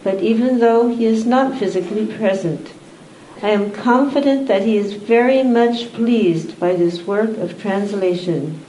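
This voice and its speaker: A woman at a devotional gathering, reading aloud in a measured, formal way and then addressing the assembly. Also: mid-range voice, warm tone, slight background noise. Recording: echoey room.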